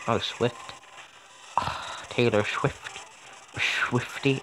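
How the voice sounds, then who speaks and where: A man's voice: lowish voice, expressive, slow, a bit bright, a little hiss or hum. A man casually commenting on a video game, joking, swearing and talking back to the game. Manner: joking, profane, talks to the game.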